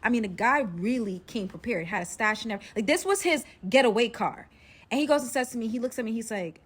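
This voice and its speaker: A young woman telling a personal story in a casual, slangy, animated way, acting out the dialogue as she goes. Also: on the high side, fast talker.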